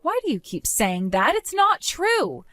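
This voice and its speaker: An actress voicing a calm young woman defending her savings, speaking in a firm, measured, articulate way in a voiced story drama. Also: high voice, no echo, studio quality, soft background music, full character voice.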